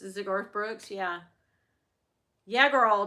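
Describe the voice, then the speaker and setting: A woman's voice: on the high side, expressive, takes it slowly, pauses often, pushed and bright. A middle-aged woman hosting a livestream, chatting candidly with viewers and swearing freely. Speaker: luxury handbag livestream host. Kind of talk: casual livestream chat.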